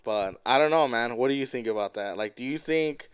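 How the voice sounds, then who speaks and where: A man's voice: medium pitch, a little fast, clean tone, dry recording. A man from co-hosting a podcast, chatting casually and telling loose, profane stories with acted-out quotes. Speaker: podcast co-host. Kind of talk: casual chat.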